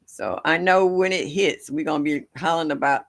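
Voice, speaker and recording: Her voice sits low and creaky, and she talks expressively, fairly quickly, with few pauses. She's an older woman hosting a home gardening livestream on a livestream setup, chatting folksily and laughing along with live viewers.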